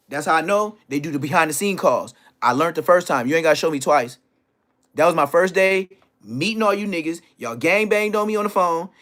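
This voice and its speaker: A man telling a story in an animated way, full of profane street slang. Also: sits high. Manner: profane slang, acts out others' lines.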